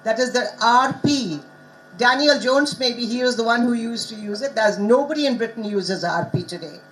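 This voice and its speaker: Lady giving a conference talk, slightly high voice, keeps quizzing the room, faint hum behind. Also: moderate pace, poor audio. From Bengal, India. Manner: teacherly, asks the audience rhetorical questions. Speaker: conference speaker on language teaching. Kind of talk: academic conference lecture.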